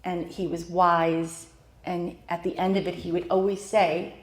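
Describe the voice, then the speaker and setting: A woman's voice: on the low side, little pitch movement, measured pace. A middle-aged woman hosting a live event, speaking in a chatty, heartfelt way with frequent fillers and restarts. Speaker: host and club founder. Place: in-person event room. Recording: roomy echo of a live venue.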